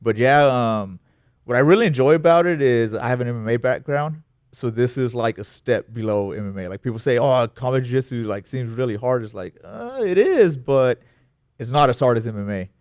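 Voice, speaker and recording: A man in his thirties with a Texan accent, a jiu-jitsu gym owner talking casually in an interview, relaxed and plainspoken with many fillers. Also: medium pitch, fairly quick, dry recording, clean studio sound. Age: 30s.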